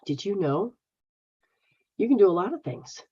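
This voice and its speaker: An American spiritual healer from the United States, with a husky, dark-toned, medium-pitched voice, talks in a sing-song way at normal speed. She answers her live-stream viewers bluntly and casually, swearing freely, over dull lo-fi audio.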